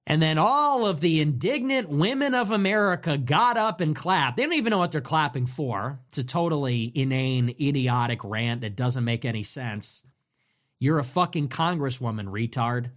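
A man's voice: fairly high pitch, fairly bright tone. A man giving ranting political commentary, sarcastic, profane and mocking.

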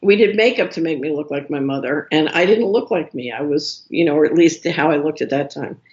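A woman guest in an interview, telling a long story with lively, acted-out quoted dialogue. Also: sits low, a little fast, dull audio. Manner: animated storyteller who acts out quoted dialogue.

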